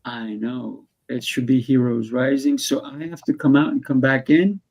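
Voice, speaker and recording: A man's voice: mid-range voice, steady tone, normal speed, a little mellow, lo-fi sound. A man hosting a live online show, chatting in a loose, playful way. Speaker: show host. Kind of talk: casual live video-call chat.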